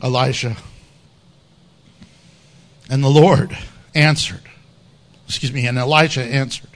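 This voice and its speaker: A man's voice: mid-range voice, steady tone, takes it slowly, pauses often. A man preaching an expository sermon in an impassioned, emphatic, conversational way.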